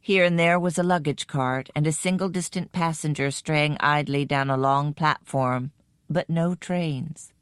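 A woman narrating a first-person story in a measured, even storytelling manner. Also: deep voice, smooth, no echo, studio quality. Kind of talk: scripted audiobook narration.

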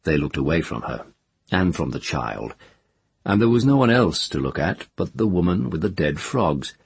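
A man narrating a novel in a measured, expressive reading. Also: deep voice, creaky, slightly rough, no room sound. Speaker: audiobook narrator. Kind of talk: scripted narration.

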